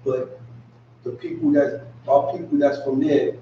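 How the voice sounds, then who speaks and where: A man in a class, quietly answering and repeating after the teacher. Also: medium pitch, huge pitch swings, a little slow, a little hiss or hum. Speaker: student. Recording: echoey room, dull lo-fi.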